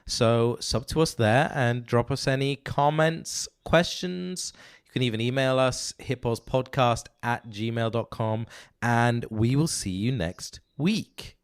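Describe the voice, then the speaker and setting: A man's voice: mid-range voice, slow pace, clear, resonant tone. Congested man with a nasal cold voice. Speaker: podcast host. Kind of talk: casual chat.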